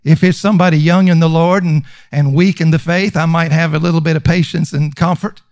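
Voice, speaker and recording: A man's voice: a little high, fairly even intonation, fairly quick, darkish tone, no echo. A man preaching a sermon as pastor, emphatic and conversational, repeating lines for stress. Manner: conversational with fillers and restarts.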